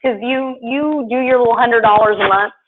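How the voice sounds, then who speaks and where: Woman presenter, lively sales talk, tinny phone-like stream, faint hiss. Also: fairly high pitch, normal speed. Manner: chatty and animated, acts out quoted voices. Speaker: product presenter. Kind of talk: sales presentation to a live audience.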